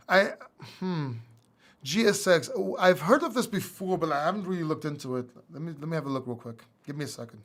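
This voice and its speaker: A man hosting a casual livestream Q&A, with a slight Greek accent, reading viewer questions aloud and chatting back informally. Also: fairly high pitch. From England. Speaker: livestream host.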